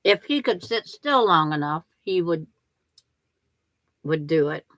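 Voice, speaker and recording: Speaking slowly in a low, fairly bright voice, an older woman runs a quilting livestream and chats animatedly with viewers. She rambles and frequently restarts sentences, and the recording is dry.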